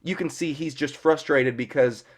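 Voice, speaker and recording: A man's voice: a little high, normal speed. A man giving a casual, rambling episode recap as a fan reviewer, full of fillers and mild swearing.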